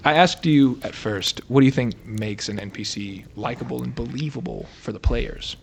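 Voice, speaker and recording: Playful male host from Alabama, mid pitch, faint hiss behind him. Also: moderate pace, creaky. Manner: leading questions, playful. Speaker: podcast host. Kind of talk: casual podcast chat.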